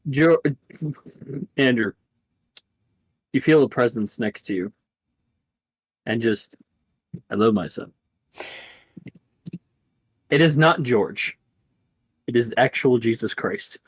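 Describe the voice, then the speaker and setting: A man's voice: medium pitch, takes it slowly, pauses often, slightly rough, dry recording. A man running a tabletop game as game master, narrating playfully between laughs.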